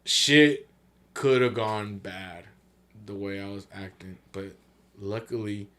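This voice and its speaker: Here a man speaks slowly with a fairly low pitch while guesting on a podcast. Swearing freely in casual slang, he tells stories from his travels and brings other people's words to life by acting them out in animated voices.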